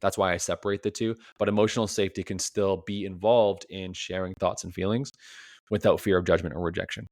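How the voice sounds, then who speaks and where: A man's voice: low voice, steady tone, fairly quick, no room sound, studio quality. A man as a relationship coach, giving a reflective solo podcast talk full of rhetorical questions, often tagged with "right?".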